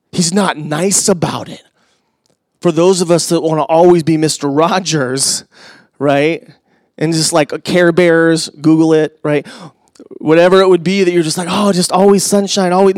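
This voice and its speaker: A middle-aged male pastor preaching a sermon, conversational with asides to the congregation, swinging from loud emphasis to hushed near-whispers. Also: a little high, dry recording.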